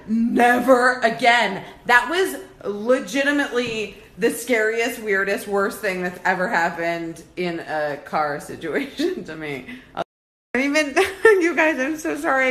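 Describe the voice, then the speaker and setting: Woman in her 30s for a rambling phone-story vlog; high, bright, breathless and giddy. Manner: excitable, breathless storytelling with shrieks and laughter. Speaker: vlogger.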